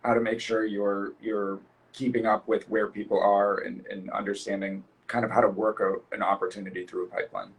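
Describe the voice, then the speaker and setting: A man in a casual chat, explaining step by step in a steady, plain way with small repeats. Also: lowish voice, brisk, creaky, low-quality recording.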